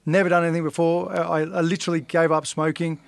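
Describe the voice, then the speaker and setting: A man's voice: a little high, flat delivery, fast talker, gravelly, no echo. Blunt Australian man telling stories. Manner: blunt, swears freely, acts out quoted dialogue. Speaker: podcast guest, fighter. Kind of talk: casual storytelling.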